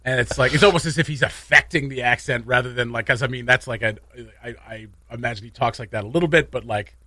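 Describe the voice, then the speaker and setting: A chatty man hosts morning radio in a casual, playful way and laughs easily. His voice is bright and forward, and he sits at a mid pitch. The studio sound is close and dry. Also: fast, dry recording. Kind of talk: casual chat.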